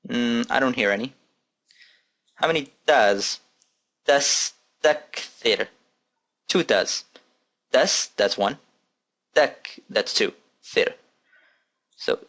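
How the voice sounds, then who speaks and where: A man leads a recorded Arabic lesson, speaking slowly and going over each word several times. He is patient and explains step by step, and his voice sits in an ordinary middle pitch. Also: a bit bright. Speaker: Arabic teacher.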